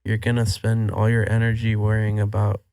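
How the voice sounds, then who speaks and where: A man's voice: fairly low pitch, normal speed, dry recording, studio quality. A man joking around as a guest in a casual podcast conversation. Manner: joking, even-toned. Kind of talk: casual chat.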